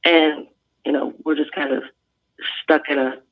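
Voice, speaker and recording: A woman veteran from California, a guest on a phone-in talk show interview, speaks in earnest bursts and often restarts her sentences. Her voice is low and steady, with a measured pace and phone-quality sound.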